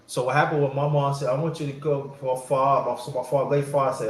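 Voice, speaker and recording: A man's voice: mid-range voice, level tone, brisk. A man casually telling a rambling family story as a host, repeating himself and acting out his relatives' lines. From New York. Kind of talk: casual storytelling to a live audience. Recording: echoey room with faint background hiss.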